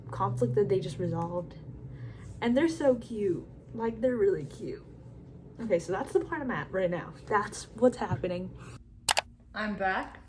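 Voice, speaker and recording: A young woman with a slightly high voice chats excitedly about what she has been reading. She rambles, piles up fillers and swears freely in a loose, casual way. A faint hiss sits under the recording. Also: poor audio. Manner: rambling, filler-heavy, excitable retelling with frequent likes and swearing. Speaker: book vlogger. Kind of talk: casual chat.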